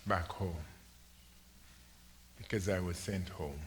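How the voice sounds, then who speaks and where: An older man preaching a sermon in a church, telling his story with slow, dramatic delivery that swings from hushed to loud. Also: low voice, a little hiss or hum. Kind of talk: sermon testimony. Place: church sanctuary.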